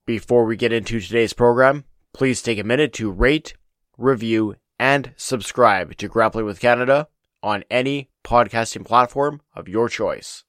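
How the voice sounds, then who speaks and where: A man hosting a podcast, reading a scripted intro in a slow, measured way. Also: mid-range voice, fairly bright tone, no room sound. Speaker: podcast host.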